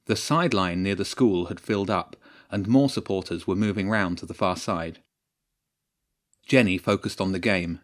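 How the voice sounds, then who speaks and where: A man narrates a story in a low, steady voice. His reading is measured and even, in the manner of an audiobook.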